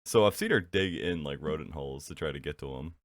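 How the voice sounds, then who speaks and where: A man's voice: extremely low pitch, lively intonation, fast, no room sound, clean studio sound. A laid-back man co-hosting a podcast, chatting loosely and laughing often. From New York State, USA. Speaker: podcast co-host. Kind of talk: casual chat.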